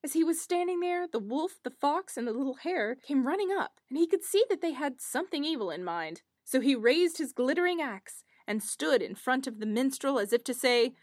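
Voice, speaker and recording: A woman narrating a fairy tale in an expressive storybook style. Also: high-pitched, normal speed, hardly any pauses, no echo, clean studio sound.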